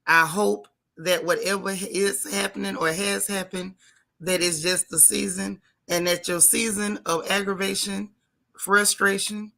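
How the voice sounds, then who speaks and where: Gravelly, bright-voiced woman livestream host. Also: mid-range voice. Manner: warm, chatty, Southern-Black-American vernacular, stretches greetings. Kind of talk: casual livestream chat greeting viewers.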